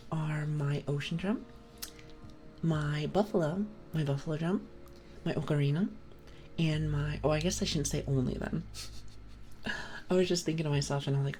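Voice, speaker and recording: A young woman streamer doing whispered ASMR livestream chat on a binaural mic, rambling playfully to her viewers in a soft whisper. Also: low-pitched, a little hiss or hum, rough recording.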